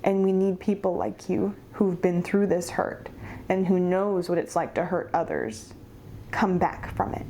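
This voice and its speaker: A woman's voice: lowish voice, moderate pace, darkish tone, a little hiss or hum. A woman giving a pick-a-card tarot reading, earnest and encouraging, speaking straight to the viewer. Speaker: tarot reader.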